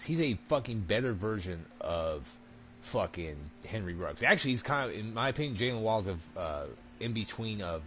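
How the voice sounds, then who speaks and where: A man chatting casually while gaming, animated and profane, laughing often. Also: fairly low pitch, highs cut off, a little hiss or hum.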